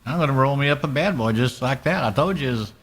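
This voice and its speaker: A man's voice: mid-range voice, lively intonation, fast talker, fairly bright tone. A man talking in a put-on Southern US accent, commentating his own online poker game in a laid-back, profane, joking way. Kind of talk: casual live game commentary.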